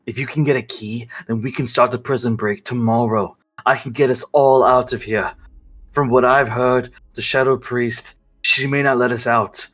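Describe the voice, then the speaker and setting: Man doing male prisoner, scheming, affectionate, mid-pitched voice. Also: steady tone, normal speed, a bit bright, faint music behind, close to an everyday voice. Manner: low and affectionate, angry when crossed.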